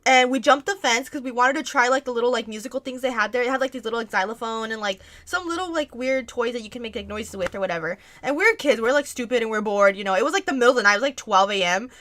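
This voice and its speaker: Young woman streamer, bright tense tone, loose rambling chat full of fillers and cursing. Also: a little high, fast, hardly any pauses. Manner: rambling, heavy "like" filler, frequent swearing. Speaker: streamer answering viewer questions. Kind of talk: casual storytelling chat.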